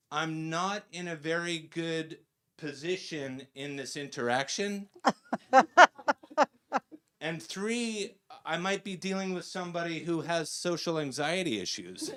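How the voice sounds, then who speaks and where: A man performing a stand-up comedy set, telling an animated personal story on stage, full of fillers and acted-out quotes. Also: a little high, clear, resonant tone. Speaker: researcher doing stand-up. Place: stage before a live audience.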